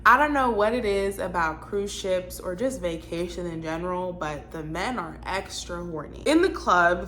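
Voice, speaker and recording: A woman telling a storytime vlog in a blunt, animated, exasperated way. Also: lowish voice, a little hiss or hum. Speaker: vlogger.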